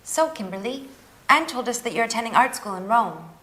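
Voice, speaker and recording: A friendly neighbour in a scripted language-course drama, chatting quickly and sociably. Her voice is bright and clear. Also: on the high side, big pitch swings. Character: friendly neighbour woman, archaeologist.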